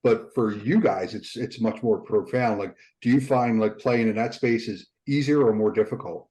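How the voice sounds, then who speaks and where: A man's voice: fairly low pitch, normal speed, a little mellow, low-quality recording. A man from the US Northeast co-hosting a podcast, asking questions in a loose, rambling way. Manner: rambling, many fillers and restarts. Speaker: podcast co-host. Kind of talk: casual podcast chat.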